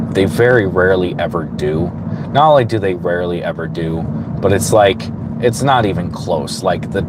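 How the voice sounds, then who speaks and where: Chatty man vlogging from a car, low voice, loud road noise. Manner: chatty, rambling, frequent fillers and restarts. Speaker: reptile vlogger. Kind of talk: casual running commentary while road cruising. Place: in a car on a road at night, outdoors.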